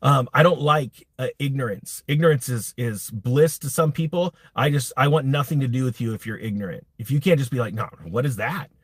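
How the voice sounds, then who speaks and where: A man's voice: mid-range voice, brisk, few pauses, husky, dry recording. A man hosting a live crypto stream, talking bluntly and rambling with many restarts. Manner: blunt, rambling, self-interrupting. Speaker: crypto YouTube host. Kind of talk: live-streamed casual rant.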